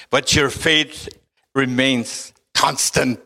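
A middle-aged man preaching a sermon, joking with the congregation and reading scripture aloud in a measured way. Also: fairly high pitch, a bit bright. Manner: joking, chuckles often, slow measured reading.

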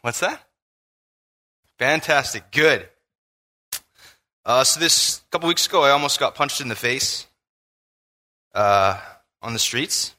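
Bright, animated man preaching, hall reverb. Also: medium pitch, measured pace, long pauses. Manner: casual, animated storytelling with laughs. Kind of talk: sermon with a personal story. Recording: long reverb of a large room.

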